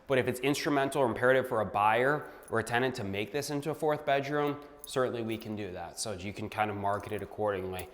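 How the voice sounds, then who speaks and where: Speaking fast with few pauses, a man with a fairly low voice tours an empty, under-renovation house for a walkthrough vlog. He's a real estate investor, delivering hyped bursts of short phrases, and the indoor space echoes like a large hall.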